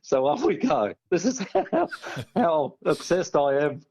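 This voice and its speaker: An Australian man, a former sportsman as guest, telling a story in a lively, laughing way. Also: on the high side, measured pace, breathy edge, highs cut off. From South Australia. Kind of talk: casual anecdote telling.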